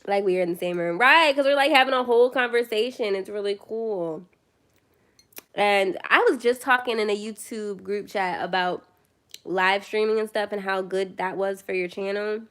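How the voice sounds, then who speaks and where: A woman's voice: medium pitch, moderate pace, fairly bright tone. A young woman chatting casually on her first phone livestream, tired late at night, rambling and self-deprecating.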